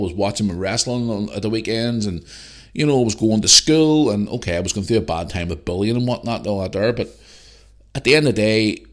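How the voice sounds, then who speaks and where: Male podcast host, lowish voice, heated sweary solo rant.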